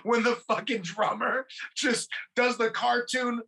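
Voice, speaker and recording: A podcast host retelling a movie scene by scene in a casual, swearing, animated way. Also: mid-range voice, a little slow, gravelly. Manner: profane, animated storytelling.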